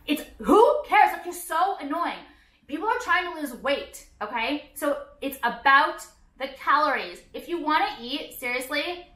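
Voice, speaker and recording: A young woman vlogs into a phone camera in a blunt, foul-mouthed rant, her talk packed with "like". Her voice sits a little high and sounds bright and sharp. The room around her is echoey. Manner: blunt, profane, peppered with "like". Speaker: vlogger. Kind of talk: ranting casual vlog. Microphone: phone camera at arm's length.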